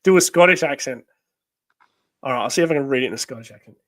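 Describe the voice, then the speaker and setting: A man's voice: on the high side, fast talker, creaky, fairly bright tone. A man hosting a casual live comic read-along, chatty and full of fillers. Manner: chatty, hesitant with many fillers. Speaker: host.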